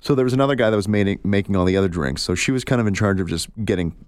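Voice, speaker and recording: A man's voice: lowish voice, racing, a little mellow, clean tone, no echo. A man hosting a casual solo podcast, chatting and telling stories, acting out the people he quotes. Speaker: podcast host.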